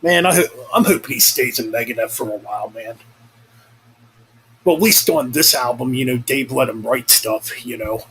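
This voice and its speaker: A young man rambles casually in a vlog, swearing freely and correcting himself as he goes. His voice sits in the mid-range at a moderate pace with a fairly bright tone. The rough recording carries a little hiss or hum.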